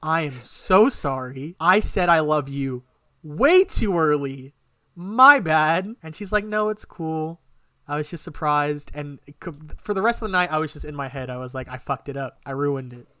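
A young man casually telling a personal story on a podcast, animated and emotional, swearing often. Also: on the high side, normal speed, no room sound, studio quality. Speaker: podcast co-host.

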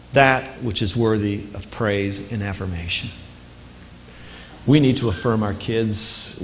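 A man of ordinary pitch delivering a sermon, earnest and emphatic. He leans on repeated phrases and turns brisk and animated when telling a story. A faint hum of noise sits behind him. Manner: lively storyteller, speeds up in anecdotes. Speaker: preacher.

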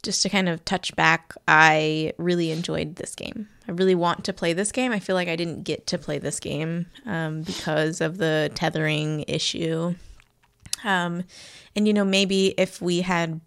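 Gravelly-voiced woman in a dry room. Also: fairly low pitch, fairly even intonation, unhurried, a bit bright, no echo. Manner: hesitant, many fillers, laughs easily. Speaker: co-host. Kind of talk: casual gaming chat.

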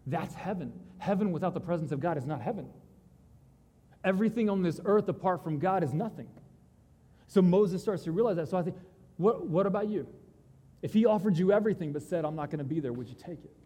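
A pastor preaching a sermon, retelling scripture in casual, conversational voices and dropping to a quiet intensity. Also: male voice, sits high, expressive, fairly quick, husky. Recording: long reverb of a large hall.

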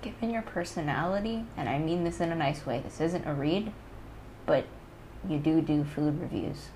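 Playful teasing woman cohost, lowish voice, faint background hiss. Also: moderate pace, mellow, poor audio. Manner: teasing, playful, self-assured. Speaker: podcast co-host. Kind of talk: casual chat.

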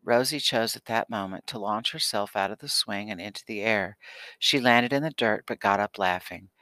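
A man narrates a children's novel as a scripted audiobook, steady and expressive at a moderate pace. His voice is low-pitched but bright and forceful. There's no room sound, and the recording is close and dry.

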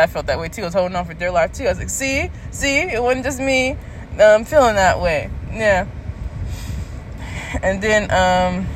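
A woman vlogger casually recounting a story to her viewers, candid and laughing, jumping into high squeals when she quotes herself. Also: low-quality recording. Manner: animated retelling, jumps to high squeals when quoting herself.

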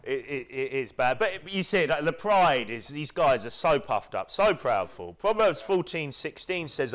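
A British man preaching a sermon, with lively delivery, stammered restarts and mocking impressions. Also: fairly high pitch, unhurried, few pauses. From United Kingdom.

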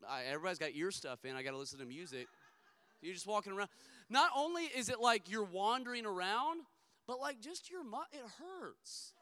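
Middle-aged male pastor, high and bright, emphatic sermon delivery with comic storytelling asides. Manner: emphatic preaching with humorous storytelling.

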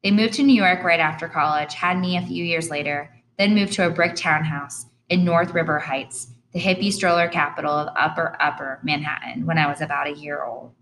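A woman's voice: sits low, fairly quick, few pauses, a bit bright, slight background noise, low-quality recording. A woman narrating an audiobook in the first person with earnest, plain storytelling.

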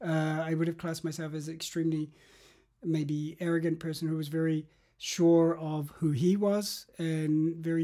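Mellow-voiced man explaining habits. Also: a little high. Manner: reflective, explaining with examples and restarts. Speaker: guest. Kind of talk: interview about habits.

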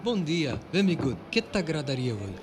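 An actor playing a brisk male waiter in an audio drama trailer, giving short clipped replies. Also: a little high, big pitch swings. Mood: brisk service. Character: male restaurant waiter, brisk, foreign-speaking.

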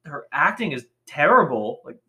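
A young man with a bright, forceful voice, talking a little higher than most men. He co-hosts a podcast in loose, profane chat, laughing often and leaning on filler words. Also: big pitch swings, normal speed. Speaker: podcast co-host. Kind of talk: casual chat.

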